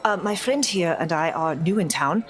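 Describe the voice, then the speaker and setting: Woman playing a silver-tongued grifter, polite and ingratiating, lower voice. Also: moderate pace, natural voice. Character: charming smooth-talking con artist.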